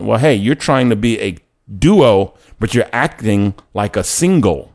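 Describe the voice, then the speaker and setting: A man's voice: on the low side, expressive, unhurried, a little mellow. A young man hosting a casual talk about dating and faith, chatty and joking, often correcting himself mid-sentence and acting out quotes. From Louisiana, United States. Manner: chatty and self-correcting, jokes and acts out quotes. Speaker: host.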